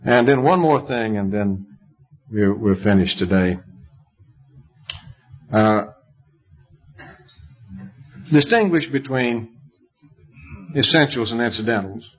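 Husky-voiced preacher, emphatic, lo-fi. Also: male voice, animated, slow, pauses often. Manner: emphatic, pitch jumps up to stress points. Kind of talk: sermon. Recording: dull lo-fi recording.

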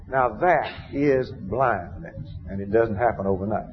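A man's voice: on the low side, unhurried, few pauses. A man preaching a sermon in an easy storytelling way, now and then bursting out with emphasis. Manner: conversational storytelling, rising to emphatic outbursts. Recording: dull lo-fi recording with faint background noise.

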